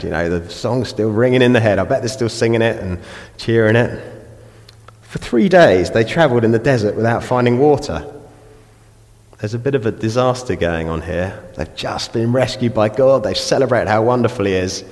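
A man with an English accent preaching a sermon in a church, animated, acting out the voices of people praying and grumbling. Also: fairly low pitch. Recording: long reverb of a church hall.

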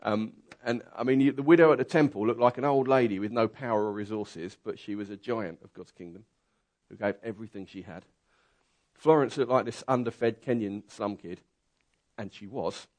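A man delivers a conversational sermon, telling a story that moves from quiet asides to loud, excited outbursts. His voice is on the low side.

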